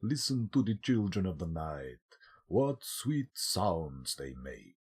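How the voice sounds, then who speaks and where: A man voicing a brooding old male vampire, speaking slowly and theatrically. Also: low-pitched, sing-song, darkish tone, slightly rough, heavily acted. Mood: savouring. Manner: slow, savouring, theatrical.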